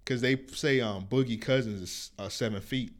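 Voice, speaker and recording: A man's voice: mid-range voice, moderate pace. A man co-hosting a casual, profane chat, laid-back and laughing often. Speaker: podcast co-host.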